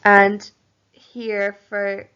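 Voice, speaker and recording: A woman teaching a recorded home phonics lesson to young children, slowly spelling out letters and syllables. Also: medium pitch, monotone, pushed and bright, lo-fi sound. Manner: slow, clearly sounding out letters and syllables. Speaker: primary school teacher.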